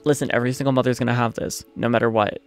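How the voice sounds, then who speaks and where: Brash, animated male game streamer, casual and swearing. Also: medium pitch, racing, faint music behind. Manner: expressive, swears freely, reacts loudly. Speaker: let's play host.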